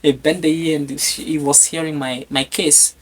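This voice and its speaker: Animated man telling a story. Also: fairly high pitch, moderate pace, a little hiss or hum. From Kenya. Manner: animated storyteller, stammers and repeats words, acts out voices. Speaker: guest telling his life story. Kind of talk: lively personal testimony.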